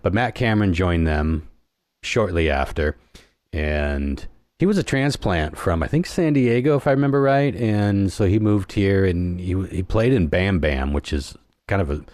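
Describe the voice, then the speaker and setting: A man's voice: low voice, normal speed, a little mellow, no echo, studio quality. A middle-aged man hosting a podcast, telling stories in a rambling, laid-back way. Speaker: podcast host. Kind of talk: casual chat.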